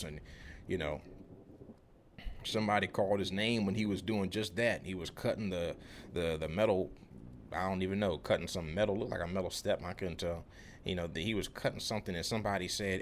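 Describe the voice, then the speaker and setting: A man's voice: sits low, a little fast, slight background noise. A young man telling a rambling, casual vlog story about his work day, full of slang and restarts. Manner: rambling, lots of fillers and restarts, laid-back slang. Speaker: vlogger, electrical apprentice.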